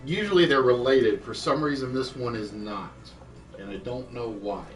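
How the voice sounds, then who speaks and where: A man hosting an online quiz show, chatting and thinking aloud, reading clues out slowly. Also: mid-range voice, far from the mic, low-quality recording. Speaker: game show host. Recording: voice a bit off-mic with music behind.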